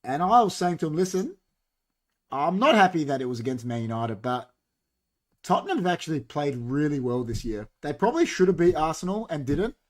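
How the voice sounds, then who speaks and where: A young Australian man co-hosting a casual football chat on a livestream, animated and quick to jump in, reading out viewer comments. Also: a little high. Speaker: podcast co-host.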